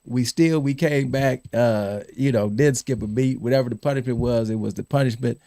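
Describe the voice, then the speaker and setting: A middle-aged man hosting a podcast, telling lively stories about his college team, laughing and repeating himself as he goes. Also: mid-range voice, normal speed, gravelly, no echo, clean studio sound. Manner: animated storyteller, laughs and repeats words. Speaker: podcast host. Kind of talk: casual storytelling chat.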